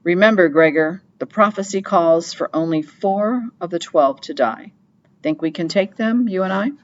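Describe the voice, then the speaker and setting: A woman's voice: fairly low pitch, moderate pace, muffled recording, natural voice. A woman reading an audiobook, voicing a wry, sly male rat spy with a teasing, sing-song manner.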